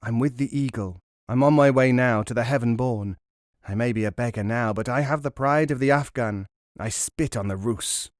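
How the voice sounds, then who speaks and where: A man's voice: medium pitch, normal speed, no echo, studio quality, natural voice. A male narrator voicing a poor, proud Afghan peasant man over sixty, talking with fierce defiance. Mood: defiant.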